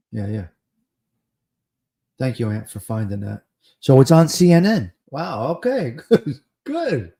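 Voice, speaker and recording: Male live-stream host, New Jersey accent, warm mellow tone, chatty and repetitive. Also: mid-range voice. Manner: chatty, repeats phrases for emphasis. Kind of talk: casual live-stream chat.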